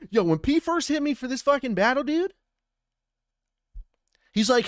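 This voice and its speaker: A man telling a story in a casual, profane and animated way, acting out both sides of the conversations himself. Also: very high voice, measured pace, long pauses, dry recording. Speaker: battle rapper.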